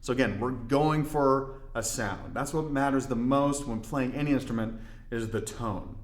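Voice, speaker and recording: A man from Indiana explaining hand-drum technique in a relaxed, step-by-step way with folksy asides. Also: mid-range voice, normal speed, echoey room. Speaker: darbuka teacher. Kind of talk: instructional demonstration.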